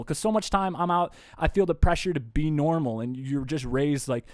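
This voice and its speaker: A man, a podcast guest, telling a story in a casual, animated way, swearing freely. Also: fairly high pitch, moderate pace, hardly any pauses, no echo, studio quality. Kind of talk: casual conversation. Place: indoor room.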